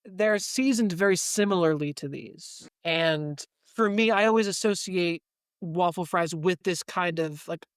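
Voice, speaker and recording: A man's voice: sits high, unhurried, clear, resonant tone, dry recording, clean studio sound. A man hosting a casual podcast, chatty and joking as he leads each segment. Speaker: podcast co-host. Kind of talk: casual chat.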